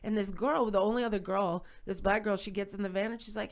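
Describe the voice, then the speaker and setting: A woman from New York, a guest comedian, telling stories on a podcast in an animated, profane way. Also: medium pitch, quick pace. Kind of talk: casual podcast chat.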